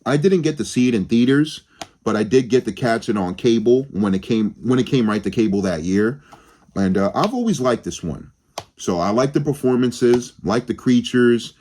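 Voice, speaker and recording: A man's voice: mid-range voice, moderate pace, darkish tone, a little hiss or hum. A young man giving a rambling, casual film review on his channel, swearing freely and often restarting his sentences. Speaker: movie review vlogger.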